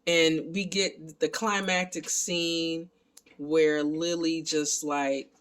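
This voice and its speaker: Guy gushing about a movie plot, kinda high voice, chatty and excited. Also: slow pace, clean tone. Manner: animated, excitable retelling; talks to viewers as family. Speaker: film reviewer. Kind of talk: casual film recap.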